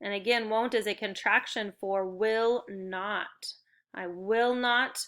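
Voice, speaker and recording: A woman teaching a recorded phonics and spelling lesson to young children, speaking slowly and clearly with encouragement. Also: medium pitch, fairly even intonation, a bit bright.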